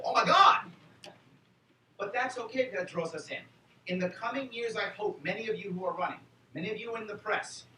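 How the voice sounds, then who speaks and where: New man, high bright voice, joking convention speaker, miked from afar in an echoey hall. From New York City. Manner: animated, joking, fires rhetorical questions at the crowd. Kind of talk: political convention speech. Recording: echoey hall, far from the mic, faint noise.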